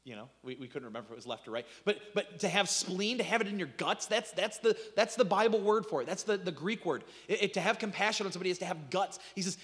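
Impassioned preacher with a lively high voice. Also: male voice, quick pace, hardly any pauses, long reverb tail. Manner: impassioned preaching with repeated restarts and dramatic drops to near-whispers. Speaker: pastor. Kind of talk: sermon.

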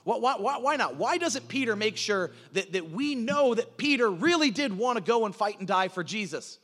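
A man preaching a sermon as a pastor, swinging from emphatic lines to low, hushed ones. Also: expressive, normal speed, few pauses, long reverb tail.

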